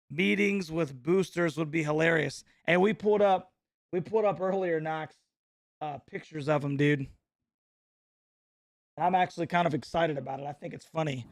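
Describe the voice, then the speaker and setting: A man, hosting a casual live-stream reaction chat in an excitable, slangy way, laughing often and calling everyone bro. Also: fairly high pitch, dry recording, studio quality. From North Carolina.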